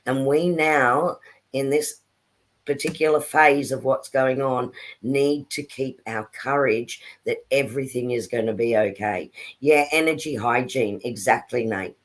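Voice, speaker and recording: A woman's voice: a bass voice, a little slow. Earnest woman co-hosting a spiritual stream. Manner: earnest and encouraging, reads viewer comments aloud. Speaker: co-host of a live spiritual chat stream. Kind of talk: casual live-stream talk.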